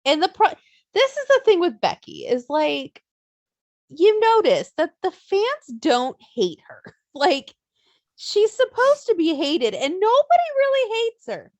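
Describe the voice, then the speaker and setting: A young woman on a podcast, talking high and with a lot of bounce in her pitch, blunt and quick to swear. Her voice is close and dry, with no room sound. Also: no echo. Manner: animated, blunt, swears freely, acts out fan voices. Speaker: podcast co-host. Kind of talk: casual wrestling podcast chat.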